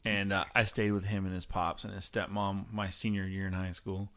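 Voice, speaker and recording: A man who is a guest on a podcast, telling stories in a relaxed, rambling way during casual chat. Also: sits low, normal speed. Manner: easygoing, rambling storyteller.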